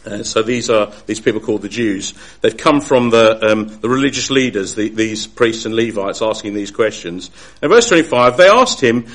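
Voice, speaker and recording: A man giving a Bible study talk, earnest and halting, often restarting his sentences. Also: fairly low pitch, lively intonation, a bit bright. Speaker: Bible teacher.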